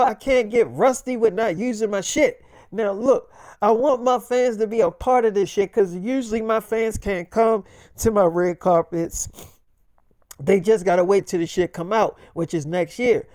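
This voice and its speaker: A man's voice: sits high, darkish tone, dry recording, clean studio sound. A man telling an improvised story in a casual, rambling way and swearing a lot.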